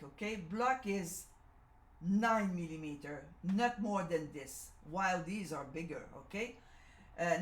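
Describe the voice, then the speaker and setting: Her voice is on the low side and a bit bright as she walks through a sewing machine in a live product demonstration. A native French speaker with a Canadian French accent, she talks chattily, corrects herself, and often asks "okay?", with the room giving noticeable echo.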